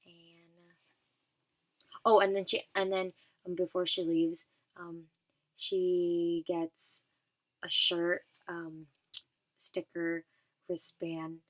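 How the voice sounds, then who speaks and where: A woman's voice: on the low side, level tone, takes it slowly, long pauses. A young woman vlogger from California telling a long story in a rambling, casual way, full of "and then" and fillers.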